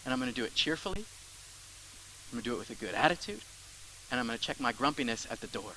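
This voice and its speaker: A young adult man preaching a sermon as pastor, emphatic, repeating phrases and dropping into soft asides. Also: medium pitch, expressive, fast, a little hiss or hum, poor audio.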